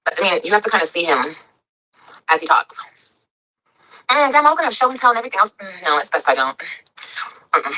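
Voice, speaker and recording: A woman's voice: mid-range voice, very animated, quick pace, long pauses, pushed and bright, a little hiss or hum, rough recording. A woman in a casual chat, telling her story with slang, cursing and laughing asides. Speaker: guest in a played clip.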